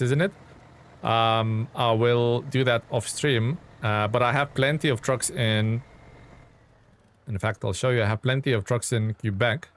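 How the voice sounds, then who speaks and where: Chatty man live-streaming a truck game. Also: medium pitch. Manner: rambling, restarts often, answers chat by name. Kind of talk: casual live-stream chat.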